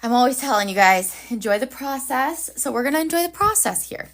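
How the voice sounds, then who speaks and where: A woman's voice: high-pitched, animated, fairly quick, a bit bright. A woman hosting a live planner session, chatting casually and cheerfully with viewers while she draws. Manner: chatty, upbeat, talks to viewers while working. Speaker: planner livestream host.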